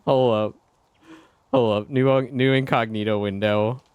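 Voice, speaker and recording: A man's voice: mid-range voice, steady tone, slow pace, a little mellow, smooth, no room sound. A man chatting casually on a game stream, playful and laughing often.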